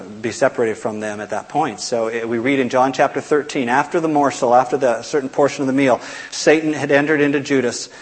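A man preaching a sermon in a conversational way, with restarts and soft, quiet quotes. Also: medium pitch, husky. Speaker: pastor. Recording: long hall reverb.

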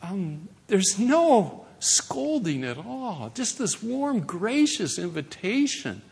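A middle-aged man preaching a sermon in a conversational, animated way, with playful asides. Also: sits high, slow pace, gravelly, husky. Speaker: pastor.

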